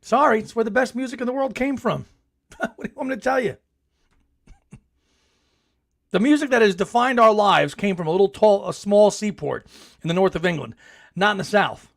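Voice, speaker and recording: A man's voice: high-pitched, moderate pace, creaky, pauses often. A middle-aged man hosting a live podcast chat, reading viewer comments in a chatty, enthusiastic way and laughing often. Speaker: podcast host.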